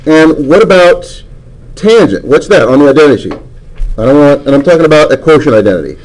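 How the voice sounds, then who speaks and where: A man's voice: on the high side, very animated, fast talker, a little mellow, poor audio. A man teaching a math class, lecturing and coaxing answers from students with frequent questions.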